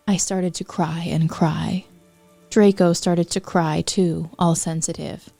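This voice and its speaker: Slow, mellow woman reading aloud with wry asides. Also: fairly low pitch, steady tone, gravelly, dry recording, soft background music. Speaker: podcast host. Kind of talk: comic reading of fanfiction aloud.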